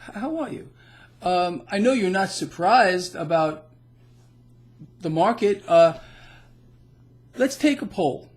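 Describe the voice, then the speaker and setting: A man with a fairly high voice delivers casual market commentary on his own blog. He talks in an emphatic, boastful way and leans hard on his opinions. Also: animated, takes it slowly, pauses often. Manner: emphatic, boastful, laughs at the news. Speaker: financial blogger.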